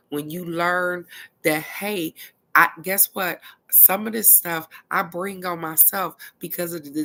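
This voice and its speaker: A middle-aged woman, giving a casual, blunt spiritual card reading and cussing freely. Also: lowish voice. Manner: blunt and animated, cusses freely.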